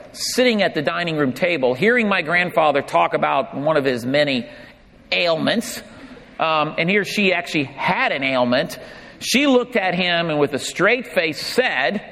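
A middle-aged man delivers a sermon, mixing light humor with reflection. His voice sits a little high for a man. The long reverb of a large church hall rings around him. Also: gravelly. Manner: warm humorous storytelling turning reflective. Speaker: pastor.

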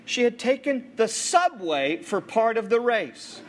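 A man preaching a sermon as pastor, expressive, moving between lively storytelling and hushed, earnest appeals to the church. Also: very high-pitched, measured pace, few pauses.

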